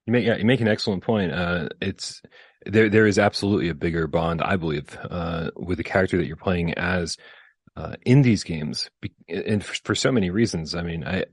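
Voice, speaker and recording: A male interviewer asks eager, rambling questions full of fillers. His voice is deep and husky, and the recording is dry and close. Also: a little fast, dry recording.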